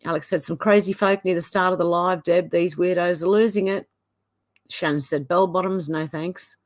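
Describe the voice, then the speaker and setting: Female Australian host, lowish voice, reads live chat aloud, chatty asides, easy laughs. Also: steady tone. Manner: chatty asides between comments, quick laughs. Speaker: livestream host. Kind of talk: reading out live chat comments.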